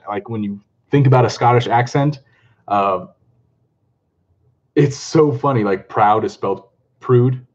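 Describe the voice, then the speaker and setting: A man chatting casually on a live stream, excitable and talkative, greeting viewers and laughing often. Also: mid-range voice, slightly rough, lo-fi sound. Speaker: comic book vlogger hosting a live stream.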